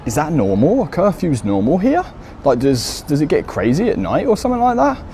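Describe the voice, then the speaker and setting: A man's voice: on the high side, huge pitch swings, brisk, warm tone. Puzzled British man vlogging outside. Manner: puzzled, questioning. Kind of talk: casual vlog. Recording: faint street and traffic noise.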